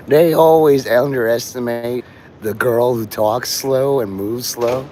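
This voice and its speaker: A man's voice: medium pitch, slow pace, mellow, slight background noise. A man livestreaming outdoors on his phone, rambling to his chat and acting out the voices of people he quotes.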